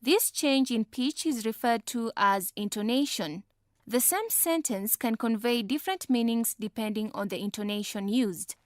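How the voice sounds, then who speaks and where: Clear, high-voiced woman narrating a lesson. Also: dry recording, clean studio sound. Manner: measured, instructional.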